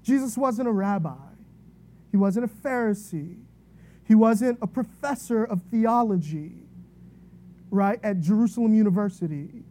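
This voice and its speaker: Mellow-voiced woman preaching conversationally. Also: medium pitch, measured pace. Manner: conversational, illustrative storytelling with frequent "right?". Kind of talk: sermon.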